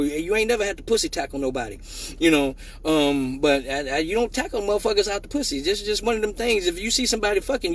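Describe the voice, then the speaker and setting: A man hosting a live stream, telling a profane story in a lively way and acting out the voices of the people in it, with many restarts. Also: high voice, distant mic. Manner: animated, acts out quoted voices with many restarts.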